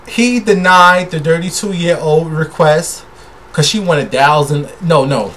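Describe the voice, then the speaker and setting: Speaking slowly in a slightly high, fairly bright voice, a tipsy gossip vlogger rants about celebrities directly to his viewers. He's sassy, brash, and profane, with a bit of noise behind him.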